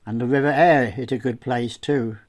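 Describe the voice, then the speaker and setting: A man's voice: medium pitch, fairly even intonation, normal speed, a little mellow, lightly acted. Man reading as an easygoing older guy, chatty and rambling, folksy storybook voice. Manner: colloquial, rambling, reassuring.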